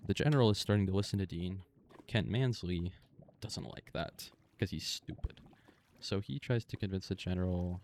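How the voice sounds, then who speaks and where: A man casually retelling a movie in a flat, monotone way over gameplay, speaking close to a desktop microphone with plenty of fillers. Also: deep voice, moderate pace, a little hiss or hum. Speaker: gaming video creator.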